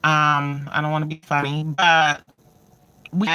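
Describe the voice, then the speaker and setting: A woman's voice: low-pitched, little pitch movement, unhurried, pushed and bright, smooth, no echo. A woman talking to camera in a casual vlog, blunt and profane, rambling from point to point. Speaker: vlogger.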